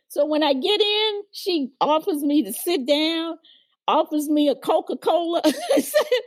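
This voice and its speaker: A former civil rights organizer, an older woman, is interviewed as a guest and tells stories of her past vividly, acting out the people she quotes. Her voice sits high and is very animated, her pace is measured, and there is no room sound.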